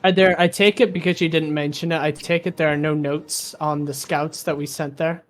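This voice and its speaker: A man playing in a tabletop game, chatty and jokey and quick to back up the others' plans. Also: a little high, steady tone, soft background music. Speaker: player. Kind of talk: casual tabletop game chat.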